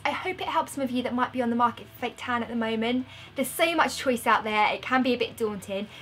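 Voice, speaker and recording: A woman's voice: fairly high pitch, a bit bright, slight background noise. A young woman, chatting upbeat and friendly in a casual product review. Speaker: beauty vlogger.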